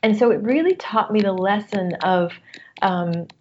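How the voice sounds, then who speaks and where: A woman's voice: mid-range voice, darkish tone, a little hiss or hum. Earnest middle-aged woman, muffled audio. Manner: earnest, open, talks in rushes with many restarts. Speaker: guest, coach. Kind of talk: candid personal conversation.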